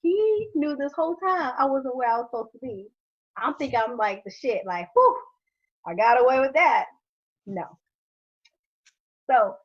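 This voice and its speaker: A woman and mother telling a story from her youth in a casual podcast chat, animated, laughing often and swearing freely. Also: fairly high pitch, muffled recording.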